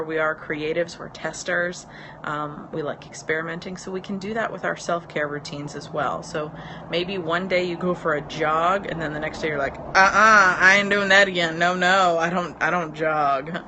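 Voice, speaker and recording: A woman in her thirties, a business mentor, chatting casually on a live stream from her porch, rambling with lots of ums and easy laughs. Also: low-pitched. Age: 30s. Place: outdoor porch. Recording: outdoor porch with road noise. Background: road noise.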